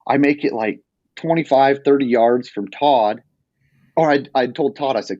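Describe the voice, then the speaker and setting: A man's voice: medium pitch, moderate pace, no room sound. Rambling male hunter telling a story. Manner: animated, rambling retelling with many restarts. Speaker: hunting guest telling a story. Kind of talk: casual storytelling. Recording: dull lo-fi sound.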